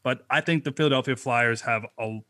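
A man's voice: mid-range voice, a little fast, bright, forceful tone. A man talking playfully as a guest in a casual podcast chat. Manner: amused, playful.

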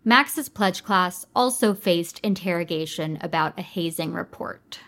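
A woman hosting a podcast, reading scripted narration in a steady, measured way. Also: lowish voice. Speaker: podcast host.

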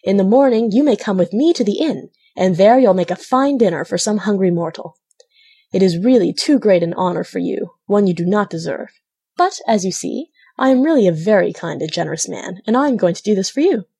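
A woman's voice: medium pitch, expressive, a little fast, creaky, dark tone, husky. A woman doing a hearty, pleased farmer. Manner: jovial, pleased. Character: hearty grown man, a farmer.

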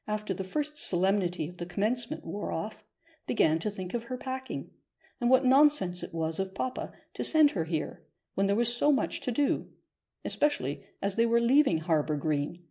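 Woman, audiobook narrator, scripted narration, measured, mellow, breathy. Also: mid-range voice.

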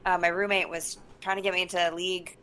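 Upbeat young Canadian woman, bright voice. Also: fairly low pitch, little pitch movement, quick pace. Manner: upbeat, giggly. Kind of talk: casual gaming chat.

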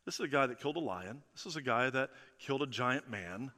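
A man preaching a sermon as pastor, emphatic and full of repeated phrases, often dropping soft and low for effect. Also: animated, fast talker. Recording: long reverb of a large hall.

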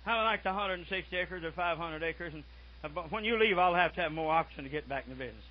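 An older man preaching a folksy sermon, dropping to soft murmurs and then shouting out his stories. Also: a little high, quick pace. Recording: muffled lo-fi recording.

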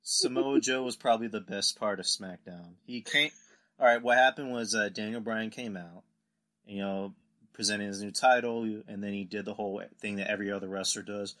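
Male podcast host, low and punchy, casual chat, animated storyteller. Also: a little fast. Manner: animated storytelling, acts out quotes.

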